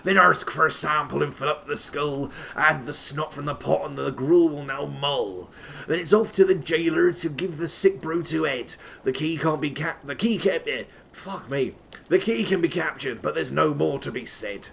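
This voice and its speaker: A man with a somewhat high, gravelly voice reads rhyming verse aloud with comic theatrical flair. He puts on a rustic, old-timey accent that keeps drifting, and he breaks off into sweary, self-mocking asides. A faint hum of noise sits under the voice. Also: moderate pace, fairly bright tone. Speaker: reader of a game walkthrough.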